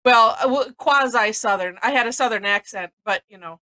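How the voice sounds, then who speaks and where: A woman's voice: a little high, moderate pace, sharp tone, rough recording. A woman from Missouri teaching a live-streamed drawing lesson, chatty and rambling, often laughing between steps.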